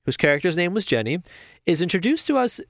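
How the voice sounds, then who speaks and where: A man's voice: high voice, very animated, fast talker, vocal fry, no room sound, clean studio sound. A man giving a casual spoken film review, rambling and sarcastic, often restarting his sentences and adding wry asides.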